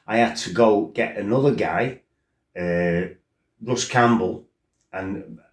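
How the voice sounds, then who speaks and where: A man's voice: on the low side, takes it slowly. Blunt, rambling middle-aged man in an echoey room. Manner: blunt and rambling, with frequent "you know" and "right?". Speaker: former kickboxer telling his life story. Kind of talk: casual spoken storytelling. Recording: roomy echo.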